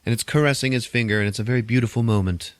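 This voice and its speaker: A man casually recapping a film's plot on a podcast, loose and wry, swearing and tossing in quick mock voices for the characters. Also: medium pitch, no echo. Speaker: podcast host recapping a film. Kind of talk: casual chat.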